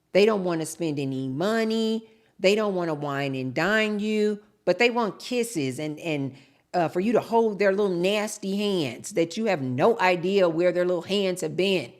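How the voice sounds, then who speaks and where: A woman vlogger chatting casually to her viewers, telling a story and acting out both sides of the dialogue. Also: lowish voice. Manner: chatty, storytelling, addresses viewers as you guys; acts out both sides of quoted exchanges.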